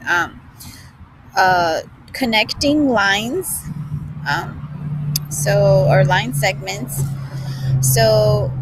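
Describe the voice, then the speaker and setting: A young woman going over her math class notes in a casual way, pausing often with fillers. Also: fairly high pitch, background noise. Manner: playful at first, then hesitant with many fillers. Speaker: student reviewing class notes. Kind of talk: casual study review.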